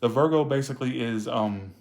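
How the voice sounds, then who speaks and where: A man with a medium-pitched, gravelly, slightly mellow voice talks fairly quickly as he gives an informal tarot reading on a live stream. He cusses, speaks bluntly, lectures his viewers, and keeps working "all right?" into his lines.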